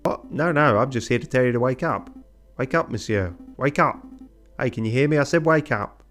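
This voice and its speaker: A man's voice: medium pitch, normal speed, fairly bright tone, soft background music, lightly acted. A man voicing an anxious male sparrow sidekick who talks in a raised, urgent way.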